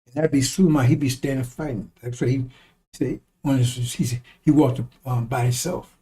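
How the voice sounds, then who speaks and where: A man's voice: medium pitch, fairly even intonation, moderate pace, dark tone, slightly rough. A man giving a blunt, profane, preaching-style monologue, repeating lines for emphasis and chuckling between remarks. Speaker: online commentator.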